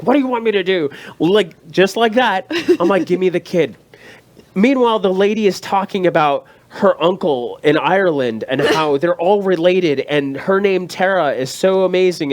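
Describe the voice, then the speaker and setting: Guy in his 30s telling a story on a chat show, voice going up and down a lot, does all the characters. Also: sits high. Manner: animated storyteller acting out quoted people. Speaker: co-host. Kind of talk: casual chat.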